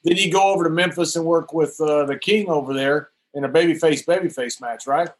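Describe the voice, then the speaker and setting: A man's voice: a little high, brisk. A man co-hosting a casual chat, asking leading questions that end with "right".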